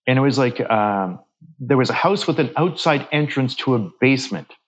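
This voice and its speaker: A man's voice: medium pitch, expressive, moderate pace, dull audio. A man, a guest medium on a podcast, telling a story and acting out the voices of the people in it, with frequent restarts and repeated words. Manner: acts out quoted dialogue while retelling a story.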